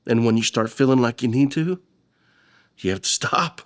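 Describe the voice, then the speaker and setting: A man's voice: medium pitch, moderate pace. A middle-aged man with an Oklahoma accent, speaking earnestly and with emotion in a documentary interview, often repeating words. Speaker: stepfather of the deceased.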